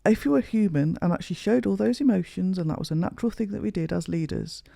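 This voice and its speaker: A woman's voice: fairly low pitch, quick pace, creaky, dark tone, dry recording, clean studio sound. A woman hosting a podcast, posing long, thoughtful questions in a reflective, conversational way. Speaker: podcast host.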